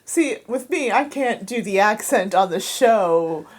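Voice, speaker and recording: A woman's voice: mid-range voice, animated, unhurried. A woman co-hosting a casual radio chat show, joking and laughing often and dropping into silly voices. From United States. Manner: giggly, jokey, slips into silly put-on voices.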